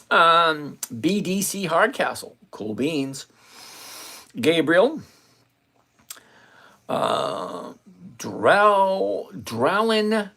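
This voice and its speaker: With a gravelly, slightly bright mid-range voice, this options livestreamer talks loosely about covered calls. He jokes around and welcomes viewers by name as the live chat rolls on.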